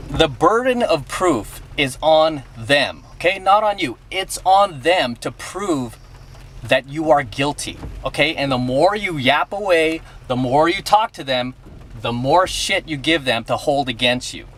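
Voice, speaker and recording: A man's voice: a little high, animated, a little slow, fairly bright tone. Blunt man talking to camera outdoors. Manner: emphatic, blunt, keeps asking "okay?". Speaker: vlogger giving advice. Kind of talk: casual storytelling and advice to camera.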